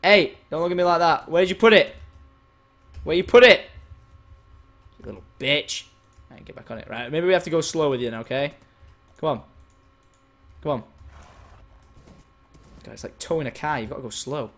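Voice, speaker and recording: A young man chats to his viewers while playing a game, excitable and quick to swear. His voice sits a little high, and his pitch leaps about constantly. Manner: excitable, swears freely, bursts into shouts and silly singing. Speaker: gaming video host.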